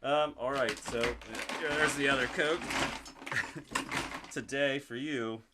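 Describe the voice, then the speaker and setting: A man's voice: mid-range voice, slow pace, heavy background noise. A man co-hosting a casual drinking show, joking around and laughing often. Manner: playful, laughs often, reads labels in a mock voice. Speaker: podcast co-host.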